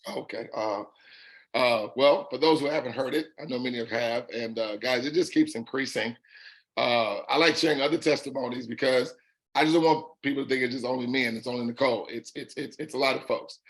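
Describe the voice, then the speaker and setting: A middle-aged man with a Southern drawl and a raspy voice, hosting a group call. He talks in a folksy, upbeat way, leaning on repetition for emphasis. His pitch sits in the middle for a man. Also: a little fast, rough recording. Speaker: host. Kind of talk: casual call testimony.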